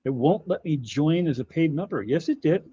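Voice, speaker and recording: A man's voice: fairly high pitch, expressive, normal speed, warm tone, husky, dull audio. A man hosting a casual livestream chat, laughing often and talking in a chatty way. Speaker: host.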